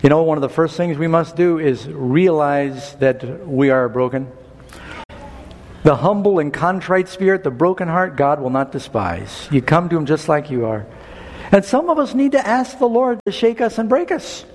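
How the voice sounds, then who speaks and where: A middle-aged male pastor preaching a sermon, telling a personal story with lively swings in pitch and building to an appeal. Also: normal speed, slight background noise. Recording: long hall reverb.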